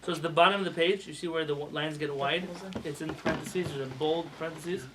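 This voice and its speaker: A man, a rabbi, giving a casual spoken lesson to students, animated and asking them questions as he goes. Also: a little high, quick pace, very noisy. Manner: animated, demonstrates pronunciations with raised voice; asks students questions as he teaches. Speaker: rabbi teaching a class. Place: classroom with students.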